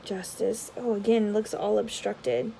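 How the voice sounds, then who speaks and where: A woman vlogger giving casual unboxing commentary, rambling with many filler words and dropping into soft, half-murmured asides. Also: medium pitch, steady tone, a little slow, gravelly, a little hiss or hum, low-quality recording. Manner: drops to a soft whisper at times. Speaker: tarot vlogger.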